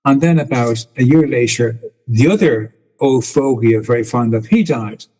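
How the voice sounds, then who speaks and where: A man's voice: medium pitch, moderate pace, darkish tone, husky, long reverb tail, poor audio. A man hosting an interview in a casual chatty way, often stammering and repeating words as he shares his own story. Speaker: host.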